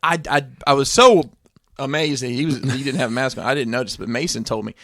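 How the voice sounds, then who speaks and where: A man's voice: medium pitch, fairly quick, a bit bright, dry recording. A man with a mid-range voice telling a story in a casual, sarcastic way, with a few stumbles and restarts. The mic is close and dry. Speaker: podcast co-host.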